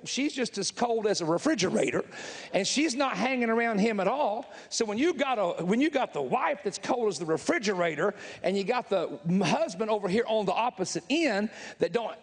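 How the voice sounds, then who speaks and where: A man with a Southern US accent preaching a sermon to a live audience, blunt and folksy, with emphatic asides to the crowd. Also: high voice. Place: large church hall with live audience. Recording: echoey hall reverb.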